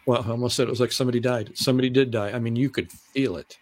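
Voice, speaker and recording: A middle-aged man, a former TV announcer and weatherman, telling stories as an interview guest, animated and often clearing his throat. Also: racing, slight background noise. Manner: animated, acts out excited voices in a high pitch. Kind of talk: conversational storytelling.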